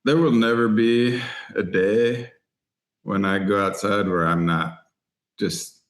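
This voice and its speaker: A middle-aged man from Texas, a writer and outdoorsman, speaks in a low voice as an interview guest. He tells animated stories and slips into the voices of the people in them. His talk is casual and full of enthusiasm. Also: slow pace. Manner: animated anecdotes, voices other people in quotes. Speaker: podcast guest, writer and angler. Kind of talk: storytelling interview chat.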